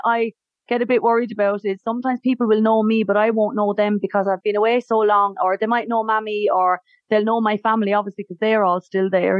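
A talkative Irish woman with a Tipperary lilt chats freely as an interview guest, breaking into laughter often. Her voice sits at an ordinary pitch and comes over a dull, lo-fi line. The sound is dry, with no room around it. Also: no echo. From Ireland. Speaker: guest, singer. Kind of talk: casual interview chat.

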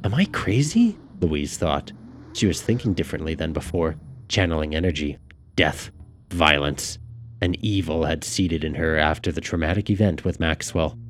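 A man narrating a dark novel in a measured storytelling manner. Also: very deep voice, fairly even intonation, slight background noise. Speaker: audiobook narrator. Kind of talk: scripted narration.

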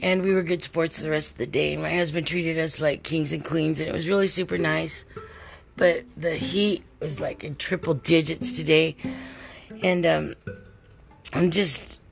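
A woman's voice: low-pitched, steady tone, normal speed, gravelly, faint music behind. An older woman hosting a casual podcast monologue, telling a rambling, chatty story while tired and worn out. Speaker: podcast host.

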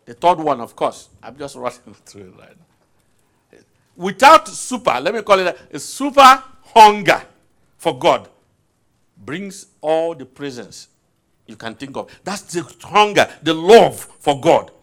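A male preacher delivering a sermon in a fairly high voice that swoops up and down with great liveliness. He turns to his congregation with questions and repeats key phrases to drive them home. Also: big pitch swings, a little slow, a bit bright.

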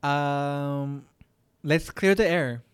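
A man's voice: on the high side, extremely slow, clear, resonant tone, no echo. A young man, a podcast co-host, telling a work story in casual chat, rambling with lots of "like" and swearing. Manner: rambling, heavy use of "like", swears.

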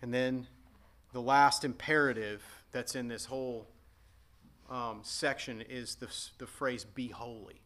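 Male pastor, earnest emphatic sermon delivery, bright tone. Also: mid-range voice, steady tone, measured pace. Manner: earnest, emphatic preaching with frequent restatements.

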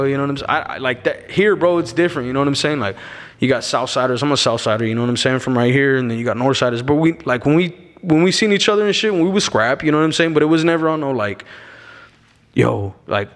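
A man's voice: medium pitch, a bit bright. A man from Arizona telling a story as a podcast guest, slangy and laid-back, dropping "bro" and "you know what I'm saying" into every line. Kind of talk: casual storytelling. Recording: long echoing reverb.

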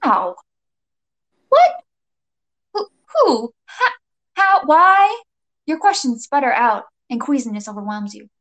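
A woman's voice: mid-range voice, gravelly. A woman narrating a comic second-person adventure story with playful, dramatic delivery and jokey asides.

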